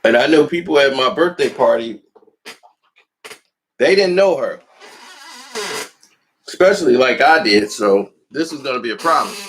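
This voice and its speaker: A man telling a personal story in a casual vlog, animated and acting out the people in it. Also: mid-range voice, a little hiss or hum.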